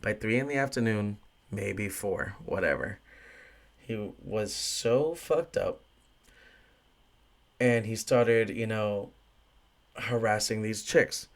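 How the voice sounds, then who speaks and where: Young male bar-worker host, lowish voice, chatty profane rant, casual monologue. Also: slow, vocal fry, long pauses. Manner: profane, ranting, frequent fillers. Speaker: bartender and podcast host.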